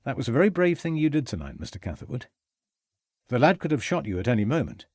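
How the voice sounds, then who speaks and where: Narrator doing a shrewd inspector, polite and measured, in a dry, husky voice. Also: male voice, mid-range voice, big pitch swings, darkish tone, dry recording. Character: courteous, shrewd police inspector man.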